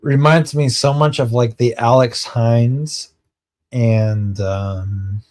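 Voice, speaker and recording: A man streaming, telling a rambling casual story and acting out his friends' lines in quick quotes, laughing and swearing now and then. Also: medium pitch, steady tone, darkish tone.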